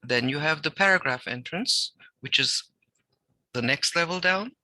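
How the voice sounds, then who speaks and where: A man teaching typography speaks with a bright, somewhat high voice in a recorded lecture on design. His reading is measured, with purposeful pauses and emphasis. The sound lacks echo, and the recording quality is low.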